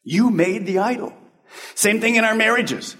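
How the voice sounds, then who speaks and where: High-voiced male pastor in a reverberant church. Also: moderate pace, bright, forceful tone. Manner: conversational, emphatic preaching with rhetorical questions. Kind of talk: sermon. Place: large church sanctuary. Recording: long church-hall reverb.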